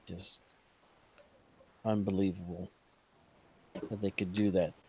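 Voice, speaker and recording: A man voicing a male silver dragon, speaking in an earnest, halting way. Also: low voice, little pitch movement, dark tone, husky, full character voice. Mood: grieving.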